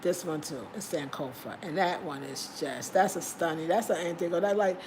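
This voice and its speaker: A woman hosting a casual vlog, talking in an expressive, emphatic way and laughing often. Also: fairly low pitch, moderate pace, background noise. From United States. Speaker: vlog host.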